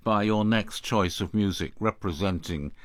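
A man's voice: fairly low pitch, normal speed. A man hosting a radio interview, asking questions and introducing music.

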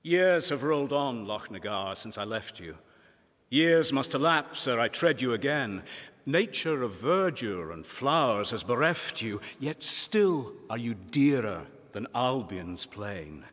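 A man reading a poem aloud in a slow, dramatic recital. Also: medium pitch, very animated, fairly bright tone, husky, long reverb tail. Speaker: reader. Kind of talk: poetry reading.

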